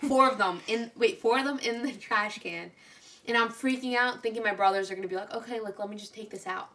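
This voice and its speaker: A woman in her twenties co-hosting a podcast, telling animated stories in casual chat and swearing freely. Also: a little high, a little fast, slight background noise. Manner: animated storytelling, heavy swearing. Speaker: podcast co-host.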